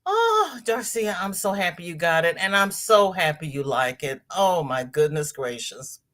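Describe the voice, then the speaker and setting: A woman in her sixties hosting a casual crochet livestream, chatting warmly with viewers and greeting them by name as she reads the chat. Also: deep voice, moderate pace. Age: 60s.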